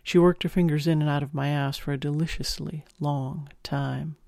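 A man reading a first-person audiobook in an intimate, expressive storytelling manner, close on the mic. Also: a little high, moderate pace, creaky, dry recording. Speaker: audiobook narrator.

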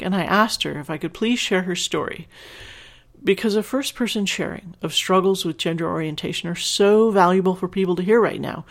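A podcast host with a mid-range voice reads a listener's letter aloud. She reacts earnestly and emotionally, at times teary and at times laughing.

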